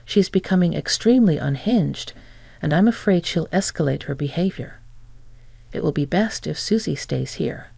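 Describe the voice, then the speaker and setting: An apologetic but resolute husband, read by a woman narrator in a storybook telling. The delivery is earnest and even, with a creaky, mellow timbre. The sound is close and dry. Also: low voice, moderate pace, no echo, heavily acted. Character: supportive husband, adult man, apologetic and resolute.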